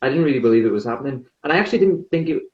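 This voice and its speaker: A relaxed, chatty young man with a northeast English accent talks at a middle pitch. His voice comes over a live video call, sounding roomy and a little dull. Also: rapid-fire. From northeast England. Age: 20s. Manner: easygoing and chatty, with light laughs. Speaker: guest. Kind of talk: casual interview chat.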